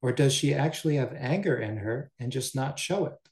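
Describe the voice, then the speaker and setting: A man's voice: medium pitch, expressive, fairly quick, a little mellow, natural voice. A man voicing a shrewd young maidservant who muses calculatingly, then denounces her mistress. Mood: musing. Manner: musing, calculating inner thoughts. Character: shrewd, scheming young woman, a household servant. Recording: roomy echo.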